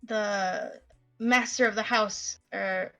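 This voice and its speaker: A woman voicing a scruffy young male street lackey in an attempted British accent, halting as she goes. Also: medium pitch, steady tone, pushed and bright, faint music behind. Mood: beckoning. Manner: halting, breaks off laughing.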